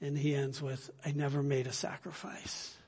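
A man preaching a sermon, emphatic and full of rhetorical questions, swinging between loud urging and hushed, quiet points. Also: medium pitch, completely flat delivery, moderate pace, slightly rough. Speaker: pastor.

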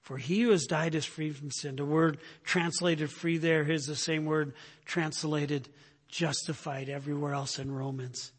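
An older man preaching a sermon, telling animated stories and repeating phrases for emphasis. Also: a little high, unhurried, slightly rough. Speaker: pastor. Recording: long hall reverb.

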